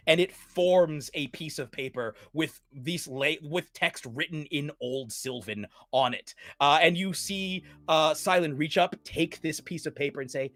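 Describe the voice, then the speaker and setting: A man narrating a tabletop game as game master, in a casual, animated way. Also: a little high, a little slow, hardly any pauses, dry recording, faint music behind.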